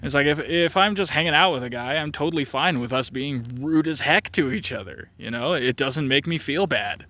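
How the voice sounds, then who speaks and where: A man's voice: medium pitch, fast, few pauses, pushed and bright. A man telling a long story in a casual, rambling way, often stopping to correct himself and restart. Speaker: channel host.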